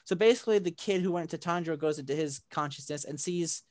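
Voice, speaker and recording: A man's voice: fairly high pitch, fast talker. A man in casual chat, recapping a film with lots of fillers and restarts and acting out quotes as he goes. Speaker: co-host recapping an anime film.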